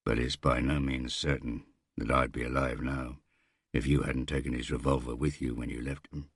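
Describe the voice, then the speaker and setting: A man voicing a weary, blunt male detective who speaks in short, steady lines. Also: a bass voice, moderate pace, husky, no room sound, studio quality, full character voice. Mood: grim.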